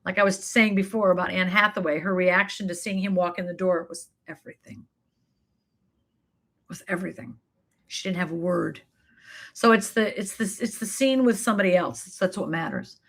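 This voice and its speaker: A woman acting coach and talent manager, emphatic and encouraging, answering chat questions in a live online class. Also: on the low side. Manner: emphatic, encouraging, stacks quick lists.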